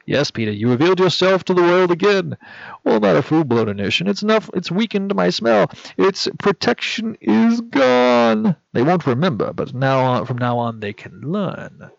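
A grave sorcerer lectures sternly, loud and raised above the speaker's usual voice, as a man puts him on. The voice is gravelly and the sound is dull and dry. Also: high-pitched, expressive, normal speed, no echo, pitched above the performer's own voice. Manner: solemn and lecturing. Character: stern grave male sorcerer giving warnings.

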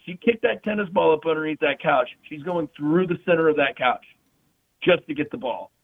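A man's voice: on the high side, a little fast. Profane storytelling young man, tinny sound. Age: young adult. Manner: rambling, profane, loose and joking. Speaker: guest telling stories. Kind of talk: casual storytelling chat.

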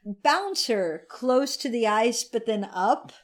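A woman with a fairly high voice recounts a movie in casual chat, animated and a little tipsy. She laughs often and slips into quick acted-out lines as she goes.

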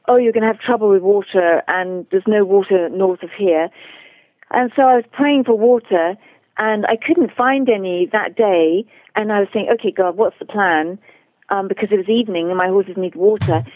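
A woman with an English accent, a guest author telling her riding adventures in a lively, animated way, acting out the people she quotes. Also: fairly high pitch, dry recording. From England. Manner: animated storyteller who acts out quoted voices. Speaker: guest, author and long-distance horse rider. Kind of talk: casual storytelling interview. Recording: tinny phone line.

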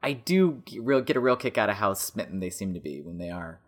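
A man's voice: fairly low pitch, very animated, brisk. A man co-hosting a casual movie commentary podcast, rambling and laughing often as he talks. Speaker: podcast co-host.

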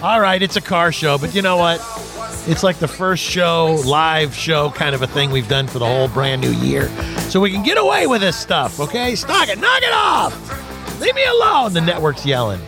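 A man's voice: on the high side, lively intonation, normal speed, vocal fry, music in the background. An older man hosting a radio car show, chatting casually and telling jokey stories with frequent laughs. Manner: jokey, storytelling, laughs often. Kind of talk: casual chat.

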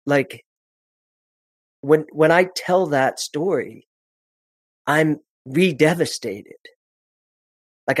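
Guy coaching on presenting, slightly high voice, super expressive, keeps restarting sentences, dry close sound. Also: no echo. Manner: expressive, animated storyteller with frequent restarts. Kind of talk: conversational podcast interview.

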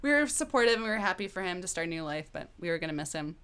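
A woman in her thirties tells a personal story in a relaxed, open way, dropping casual swear words. Her voice is fairly low and sounds smooth and clean. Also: very fast. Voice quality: candid, animated, swears casually. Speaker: guest.

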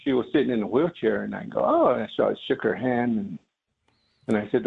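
A man's voice: fairly low pitch, lively intonation, a little fast, gravelly, husky. A man, a comedian guest, telling stories on a call-in show with plenty of hesitant ums. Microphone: telephone. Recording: phone line.

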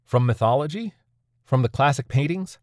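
A man's voice: mid-range voice, expressive, normal speed, a little mellow, no room sound, studio quality, pitched above the performer's own voice, close to an everyday voice. A man voicing a bewildered, newly dead man who fires off incredulous questions. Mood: baffled.

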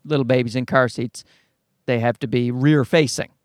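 A man's voice: mid-range voice, fairly even intonation, moderate pace, dry recording, studio quality. A man telling a story as an exasperated, profane rant. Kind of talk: comic ranting anecdote.

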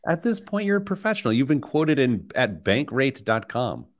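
A middle-aged man hosting a money radio show, telling stories in lively banter that gets loud when he's excited. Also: medium pitch, moderate pace. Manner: animated storyteller, rising loud when excited. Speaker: radio show host, financial planner. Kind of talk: casual studio banter.

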